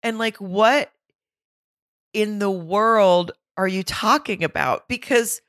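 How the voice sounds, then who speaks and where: A woman co-hosting a podcast, chatting casually about a reality show, animated and incredulous and laughing often. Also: medium pitch, slow, no room sound, studio quality. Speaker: podcast co-host. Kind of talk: casual reality TV recap chat.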